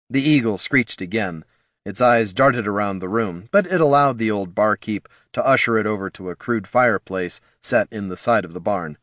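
A man narrating a fantasy story in a wry, expressive reading. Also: fairly low pitch, moderate pace, dry recording, clean studio sound.

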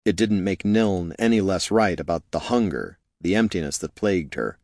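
A man narrating a fantasy novel in a steady, measured way. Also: low voice, no echo, clean studio sound. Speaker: audiobook narrator.

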